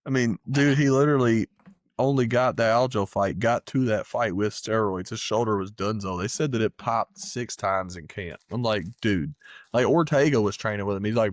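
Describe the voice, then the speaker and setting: A man's voice: on the low side, moderate pace, no room sound. Profane ranting man, dry sound. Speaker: podcast co-host. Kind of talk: casual chat.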